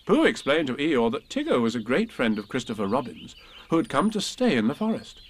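A man reading a children's storybook aloud, gently and expressively. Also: mid-range voice, sing-song, fairly quick.

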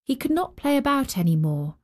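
A woman hosting and narrating a fairy tale with gentle, expressive storytelling. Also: high voice, fairly quick. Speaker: storyteller and host.

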